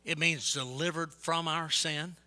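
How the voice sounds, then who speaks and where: A man evangelist preaching a sermon, telling stories with energy and yelling to get his point across. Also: a little high, unhurried. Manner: yells and gets fired up; animated storytelling.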